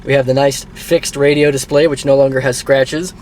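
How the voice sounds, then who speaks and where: A man with a level, slightly mellow mid-range voice vlogs his car repair at a moderate pace, chatty and wry with some mild grumbling. He talks to a handheld camera beside his car and then inside it as he drives, and the camera mic picks up a little hiss or hum.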